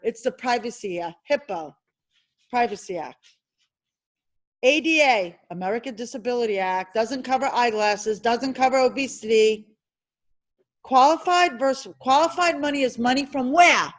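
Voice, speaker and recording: A woman teaching an insurance licensing class, quizzing students with rapid questions and emphatic reminders. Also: a little high, rough recording. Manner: emphatic and animated. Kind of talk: classroom review lecture.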